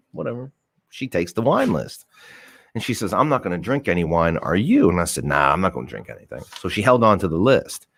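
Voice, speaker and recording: A young man with a deep voice hosts a live show, casually telling the audience a profane dating story and acting out the quotes. The recording is dry.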